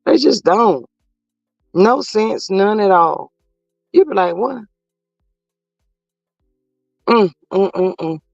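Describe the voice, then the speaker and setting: Brief High-pitched man with a gravelly edge, sassy live-stream gossip host, dry close sound, dull lo-fi audio with faint music. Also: expressive, slow pace, long pauses, no echo. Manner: gossipy, drawling, sassy asides to viewers. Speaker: commentary channel host reading live chat. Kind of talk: casual live-stream commentary.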